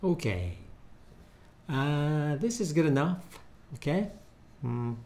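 Slow-talking man testing expressions. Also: fairly high pitch, sing-song, darkish tone. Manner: slow, hesitant, acts out expressions. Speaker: 3D animation hobbyist. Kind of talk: casual talk testing facial expressions. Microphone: studio microphone.

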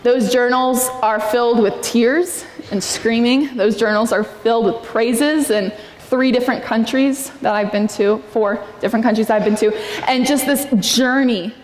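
A woman's voice: on the high side, fairly even intonation, moderate pace, hardly any pauses, a little hiss or hum. A young woman preaching a sermon in a church, earnest and personal, sometimes acting out prayers in a raised voice. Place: church sanctuary. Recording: echoey hall with long reverb.

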